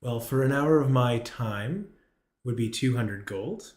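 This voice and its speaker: A man voicing a seductive, scheming woman who runs a brothel, speaking in a smooth, suggestive, businesslike way, recorded in a roomy echo. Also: medium pitch, unhurried, a little mellow, close to an everyday voice.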